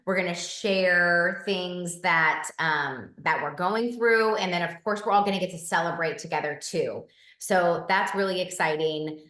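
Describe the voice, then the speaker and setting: A woman from Southern California hosting a group video call, enthusiastic and encouraging, talking in quick bursts. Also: lowish voice, fairly bright tone, roomy sound.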